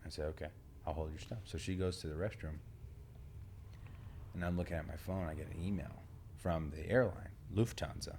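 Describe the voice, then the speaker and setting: A man co-hosting a podcast, telling a rambling travel story in a relaxed way, swearing and laughing. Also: low voice, a little fast, pauses often, slight background noise. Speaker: podcast co-host. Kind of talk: casual storytelling chat.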